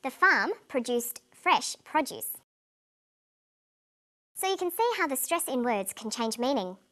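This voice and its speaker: A woman presenting an English lesson in clear, deliberate scripted narration, slowing down on example words. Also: high-pitched, a bit bright.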